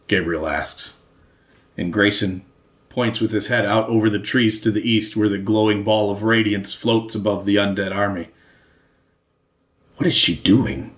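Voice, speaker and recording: Low-voiced male game master narrating.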